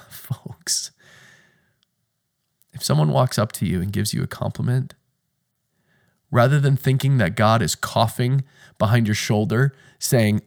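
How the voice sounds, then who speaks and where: A man in his thirties hosting a faith podcast, speaking in an earnest, emotional monologue that drops into hushed asides. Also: mid-range voice, a little slow, creaky, pauses often. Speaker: podcast host.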